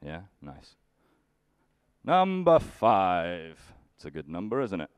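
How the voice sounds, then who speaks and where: A man's voice: a bass voice, lively intonation, quick pace, darkish tone, no room sound. A young man doing live stand-up comedy, grumpily bantering with the audience in a dry way. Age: young adult. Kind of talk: live stand-up with crowd work.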